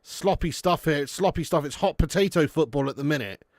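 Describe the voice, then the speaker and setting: A man hosting a live football watch-along, calling the play excitably and chatting between moves. His voice is fairly high, gravelly and bright, and it sounds dry and close to the mic. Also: fairly quick, no echo. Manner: excitable, chatty, swears at players. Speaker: host.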